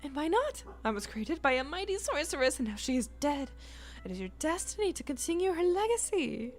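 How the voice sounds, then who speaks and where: A woman's voice: sits high, sing-song, a little fast, faint music behind, pitched above the performer's own voice. A woman voicing a haughty, grandiose male talking spellbook in a game, indignant and old-fashioned in phrasing. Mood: lofty. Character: pompous haughty male magic talking book. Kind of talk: reading game dialogue aloud.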